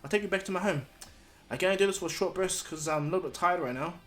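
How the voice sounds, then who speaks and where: A man's voice: sits high, rapid-fire, a bit bright, soft background music, voice pushed up. A man voicing a cheerful, naive young boy who talks in an eager, friendly way.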